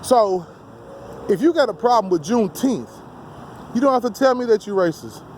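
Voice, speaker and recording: A man's voice: sits high, lively intonation, normal speed, a little hiss or hum. A man giving a blunt, heated, profane rant to camera outdoors, heavy with street slang. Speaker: vlogger. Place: outdoors on steps.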